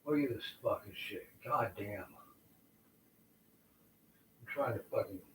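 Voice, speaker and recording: A man with a very low voice rants in an agitated, profane ramble, sometimes trailing off into mutters. He talks into a handheld phone in his kitchen, and the recording carries a clear hiss of noise behind him. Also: measured pace, low-quality recording. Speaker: vlogger. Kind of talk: unscripted rant to camera. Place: home kitchen, indoors.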